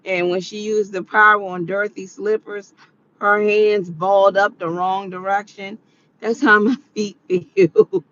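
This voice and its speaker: A woman's voice: medium pitch, fairly bright tone, muffled recording, slight background noise. A tired woman vlogging to her viewers in a rambling, chatty monologue. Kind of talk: casual monologue.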